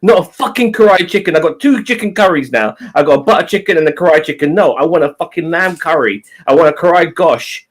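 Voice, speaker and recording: A man's voice: fairly high pitch, animated, quick pace, hardly any pauses. A man co-hosting a live stream, ranting and swearing heavily in casual chat. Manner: swears a lot, exasperated ranting. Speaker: co-host.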